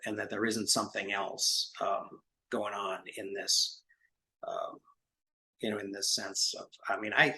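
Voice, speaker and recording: Bright-voiced man, rambling and halting. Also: fairly low pitch, poor audio. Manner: rambling, halting with many restarts. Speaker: book club host. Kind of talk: casual discussion.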